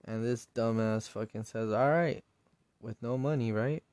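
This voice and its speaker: A man's voice: fairly low pitch, fairly even intonation, normal speed, mellow, clean tone, no echo. A man hosting a solo podcast, casually retelling and reviewing a show episode in a rambling, profane way. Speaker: podcast host.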